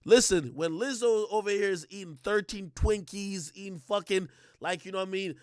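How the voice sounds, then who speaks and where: Male streamer host: high voice, heated profane rant, lots of filler words, dry close sound. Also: normal speed, no room sound. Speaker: livestream host. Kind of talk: ranting livestream commentary.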